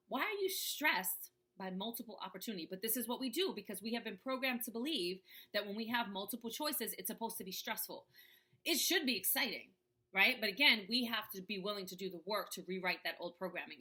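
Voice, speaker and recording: A woman's voice: medium pitch, lively intonation, fairly quick, sharp tone. A woman coaching viewers in a casual talk to camera, checking in with "right?" as she goes. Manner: conversational, often asks "right?".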